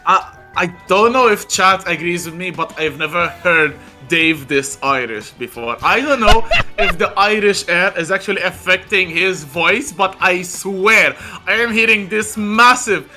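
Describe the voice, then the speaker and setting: A man's voice: high-pitched, a little slow, few pauses, pushed and bright, soft background music. A man co-commentating a fighting game match live, analytical and hesitant with lots of filler words.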